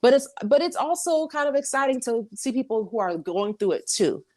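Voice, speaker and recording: A woman's voice: fairly high pitch, brisk, no echo. A woman guest in a casual podcast chat, talking animatedly, laughing often and acting out what people said. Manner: animated, laughing, acts out quoted speech.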